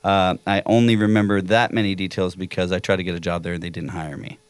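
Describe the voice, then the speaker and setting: A man's voice: low-pitched, flat delivery, quick pace, smooth, no room sound. A man in his forties co-hosting a podcast in a studio, chatting casually in a rambling, profane, joking way. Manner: profane, rambling banter with frequent laughs. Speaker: podcast co-host. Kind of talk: casual chat.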